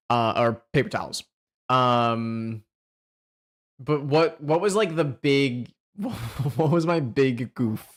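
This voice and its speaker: A card game streamer gives casual gaming commentary, swearing freely and picking apart their own misplays in rambling sentences that keep restarting. The voice is mid-range.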